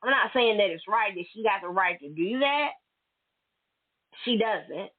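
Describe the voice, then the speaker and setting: A woman's voice: mid-range voice, expressive, measured pace. A woman hosting a solo podcast, venting bluntly and emphatically in casual, profane talk. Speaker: podcast host. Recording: tinny phone-like audio.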